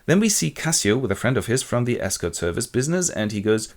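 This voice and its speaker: Wry animated male storyteller. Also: mid-range voice, fairly quick, hardly any pauses. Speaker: narrator and presenter. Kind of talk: comic retelling of a play.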